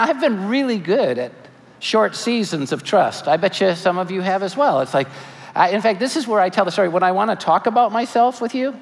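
A man in his forties preaching a sermon as pastor, animated with joking asides and earnest appeals. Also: sits high, vocal fry. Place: church sanctuary. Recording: church hall reverb, faint ambience.

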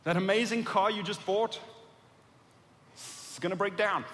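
A man with a high voice preaches a sermon, reading scripture aloud and acting out what the characters say. His voice rings with a long reverb in a church sanctuary. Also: steady tone, a little slow, pauses often, a bit bright. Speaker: pastor.

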